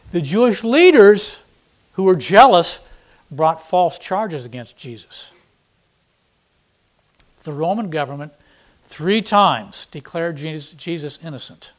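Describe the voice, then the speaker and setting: A man's voice: on the high side, animated, a little slow, pauses often. A man preaching a sermon, reading scripture and explaining it in blunt, plain paraphrase, with dramatic emphasis on quoted lines. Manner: dramatic, acting out quoted speakers with sudden loud emphasis. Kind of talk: expository sermon.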